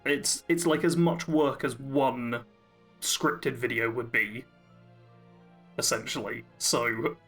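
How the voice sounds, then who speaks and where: A man's voice: medium pitch, slow, fairly bright tone, soft background music. A man co-hosting a gaming podcast, chatty and upbeat, explaining his plans at length. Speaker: podcast co-host. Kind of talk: casual podcast chat.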